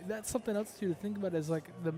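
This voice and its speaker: A man's voice: high voice, very fast, mellow, faint music behind. A man giving live play-by-play pool commentary, analytical and thinking aloud with frequent fillers. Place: pool hall.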